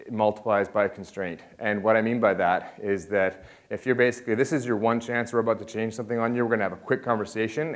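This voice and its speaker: Energetic man giving a conference talk. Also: lowish voice. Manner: energetic, jokey, interacts with crowd. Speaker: conference speaker. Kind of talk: keynote talk to an audience.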